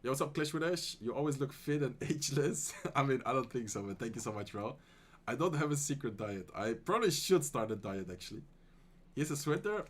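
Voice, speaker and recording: A man with a Dutch accent commentates a live esports tournament on his stream. His speaking voice sits in a middling register. He moves from quick, excited play-by-play to easygoing replies to his chat. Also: mid-range voice. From Netherlands. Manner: excited fast play-by-play calls that give way to relaxed, soft chat replies.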